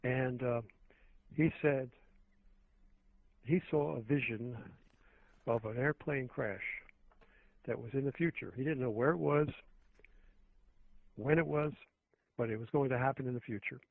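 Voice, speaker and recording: A man's voice: medium pitch, measured pace, creaky, long pauses, dry recording. A man, a radio show guest, talking earnestly and at length, with many restarts, over a phone line. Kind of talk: phone-in talk radio conversation. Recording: tinny phone line, dry.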